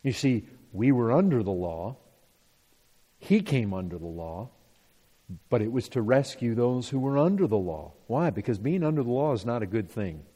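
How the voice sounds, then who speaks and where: A man's voice: mid-range voice, very animated, moderate pace, dark tone, slightly rough. A man teaching from the Bible to an audience, emphatic, asking rhetorical questions and repeating his points. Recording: long hall reverb.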